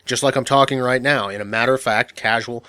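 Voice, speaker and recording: Guy talking through an audio course, bright sharp voice, dry close mic, lots of uh and restarts. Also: mid-range voice, fairly even intonation, fairly quick, smooth, dry recording. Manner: matter-of-fact, rambling with many fillers and restarts. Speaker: dating coach.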